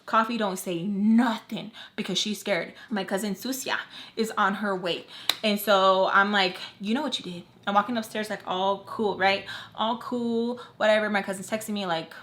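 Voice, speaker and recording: A young woman telling a storytime on her own channel while doing her makeup, rambling with lots of fillers and animated quoted bursts. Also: medium pitch, normal speed. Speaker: storytime vlogger. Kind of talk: casual storytime chat. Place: at home, doing makeup on camera.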